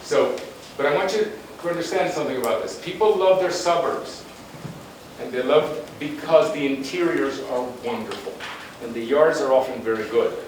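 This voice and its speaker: A guest lecturer on urban planning gives a conference presentation with slides, speaking emphatically and conversationally with blunt asides. His mid-range voice moves at a moderate pace, picked up by a distant mic in a very echoey hall with faint noise.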